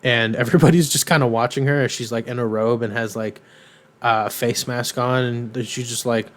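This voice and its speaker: A man's voice: medium pitch, normal speed. A young man co-hosting a podcast, casually recapping a cartoon in a rambling, filler-heavy way. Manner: rambling, filler-heavy, animated retelling with quoted voices. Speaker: podcast co-host.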